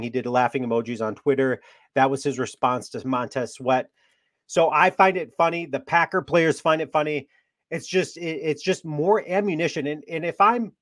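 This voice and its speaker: A man's voice: mid-range voice, no room sound, clean studio sound. A man hosting a sports talk show, talking casually and mockingly, amused and full of trash talk. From Wisconsin.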